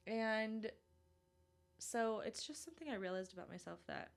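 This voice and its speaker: A woman's voice: fairly high pitch, lively intonation, normal speed, gravelly. A young woman from Minnesota hosting a solo podcast, chatty and self-deprecating, with lots of fillers. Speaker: podcast host.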